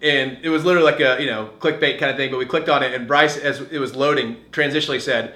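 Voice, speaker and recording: A man's voice: mid-range voice, fairly even intonation, quick pace, few pauses, bright, forceful tone, roomy sound. A young man co-hosting a podcast, telling long rambling stories with a chuckle, in casual chat. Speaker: podcast co-host.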